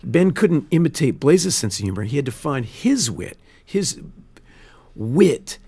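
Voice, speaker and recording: A man, a film director, telling stories in a casual studio interview, earnest and animated, often restarting his sentences. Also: mid-range voice, unhurried, husky. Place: radio studio.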